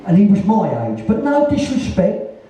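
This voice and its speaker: A Cockney man from East London in his sixties, appearing as a guest storyteller on stage, tells rambling, foul-mouthed anecdotes and acts out other people's voices before an audience. His high voice swings hugely in pitch at a moderate pace with a warm tone, though the highs are cut off. The recording is roomy and distant with faint noise.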